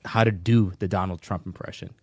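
A man with a low voice reads a listener question and hesitates now and then. The sound is dry and close. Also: steady tone, a little fast, a little mellow, no echo. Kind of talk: casual chat.

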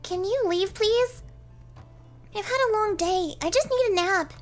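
A woman's voice: very high voice, unhurried, soft background music, voice pushed up. A woman voicing a grumpy, sleepy young fox shrine maiden who whines and pouts indignantly. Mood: sleepy, annoyed. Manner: whiny, indignant, pouting.

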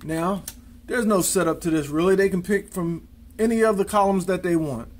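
A man with a slightly high voice walks through card tricks in a relaxed, casual way. He counts and spells out loud as he deals the cards. A faint hum sits behind him. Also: normal speed. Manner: casual, counts and spells aloud while dealing. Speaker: amateur magician.

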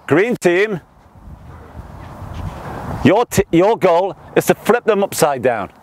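A man coaching a soccer practice on an outdoor field, calling loud energetic commands and counting down. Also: high-pitched, takes it slowly, a little hiss or hum.

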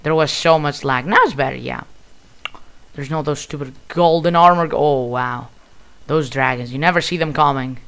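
Excitable Greek-accented gamer, creaky voice. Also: male voice, fairly high pitch, normal speed. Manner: excitable, bursts of loud exclamations. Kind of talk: casual gameplay commentary.

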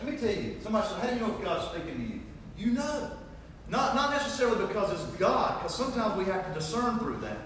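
Man preaching his testimony, high voice, echoey hall, distant mic, faint ambience. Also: fast talker, a little hiss or hum. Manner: animated storytelling, acting out dialogue. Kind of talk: sermon testimony.

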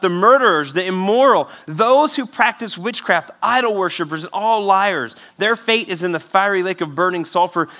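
A man preaches to his congregation in a bright, slightly raised voice. He tells lively everyday stories and keeps prompting the crowd to answer back. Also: high voice. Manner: energetic, storytelling, asks the crowd for call-and-response. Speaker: pastor. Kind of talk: sermon. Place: church hall before a congregation.

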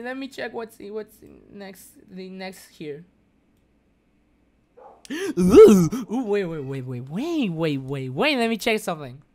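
A woman's voice: fairly low pitch, a little mellow, slight background noise. A woman streaming a video game with live commentary, exasperated, swearing and repeating words in bursts.

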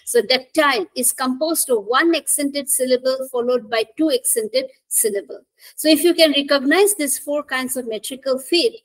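High-voiced Indian English woman lecturing. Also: low-quality recording. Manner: explanatory, many fillers and restarts, addresses students directly. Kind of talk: academic counselling lecture.

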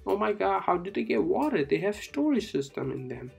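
Gravelly, excitable kids' cartoon narrator. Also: mid-range voice, fairly quick, faint music behind. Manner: excitable, repeats short phrases.

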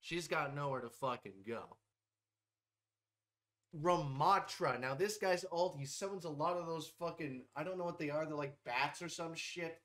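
A man's voice: a little high, moderate pace, few pauses, fairly bright tone. A young man hosting a comedic tier-list video, ranting brashly with constant swearing and mock-tough bravado. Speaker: host ranking game characters.

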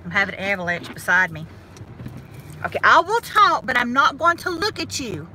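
Bright-voiced North Georgia woman vlogging from the driver's seat, chatty and folksy, mic on the sun visor, light road hum. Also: medium pitch. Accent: Southern US (North Georgia). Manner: chatty, folksy, self-mocking. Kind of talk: casual chat while driving. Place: inside her car. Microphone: phone or camera clipped to the sun visor. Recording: faint road noise in a car. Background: road and car noise.

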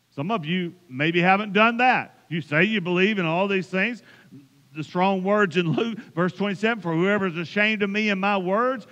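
A pastor preaches a sermon in a high-pitched, slightly bright voice, speaking emphatically and building to impassioned runs. The recording sounds dull, in a reverberant church hall.

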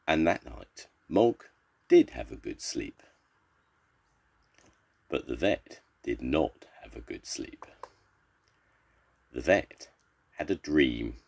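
An older man reading a children's storybook aloud in a slow, expressive way. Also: gravelly, husky. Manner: slow and expressive, with lots of pitch swings.

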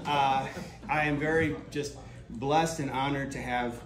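A man's voice: medium pitch, steady tone, measured pace. Jokey Midwestern father of the bride. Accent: American Midwestern. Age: middle-aged. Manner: jokey, heartfelt. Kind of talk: casual speech. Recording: echoey room with a crowd.

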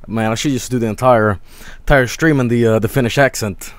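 A man's voice: mid-range voice, fairly quick, no room sound. A man streaming a game, giving rambling, joking and profane casual commentary.

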